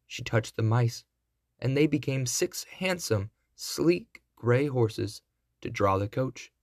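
Slow-reading male storyteller. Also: medium pitch, expressive, no room sound, clean studio sound. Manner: slow, deliberate fairy-tale telling. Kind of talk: storybook narration.

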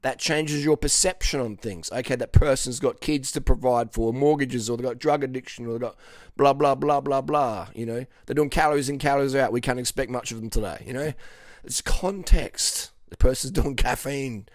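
Blunt, swearing coach. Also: male voice, mid-range voice, normal speed, no echo, clean studio sound. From Western Australia. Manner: blunt, profane, repeats "okay?". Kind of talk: casual monologue to camera.

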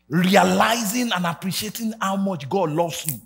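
A Nigerian man in his forties preaching a sermon, swinging from shouted rallying calls to low quiet asides. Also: normal speed, creaky, few pauses, faint music behind. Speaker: pastor. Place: church hall with congregation.

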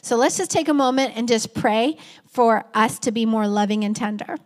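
A woman's voice: on the high side, moderate pace. A middle-aged woman pastor preaching a heartfelt, conversational sermon in a church, with a friendly "y'all" manner. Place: church sanctuary.

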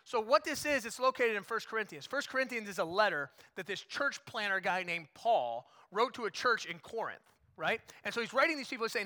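A young man preaching a sermon in a church, conversational and animated, acting out quotes and singing short snippets. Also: high voice, a little fast. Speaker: pastor. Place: church sanctuary.

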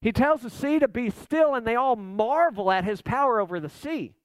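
A man's voice: very high voice, lively intonation, moderate pace, no echo. A man preaching a sermon as a pastor, conversational and emphatic, with asides to the listeners.

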